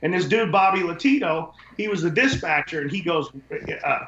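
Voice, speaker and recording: A man with a high, lively voice talks fairly quickly in a sharp tone, with slight background noise behind him. He's a window cleaning business owner guesting on a podcast, telling casual stories bluntly and profanely as he rambles from one point to the next. The recording sounds echoey, dull, and lo-fi.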